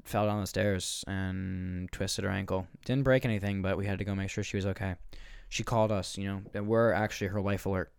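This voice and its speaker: Young man, lower pitch, profane rambling rant. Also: gravelly, clean tone, no echo, clean studio sound. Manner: profane, rambling, restarts often. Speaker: podcast host. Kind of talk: comedic rant.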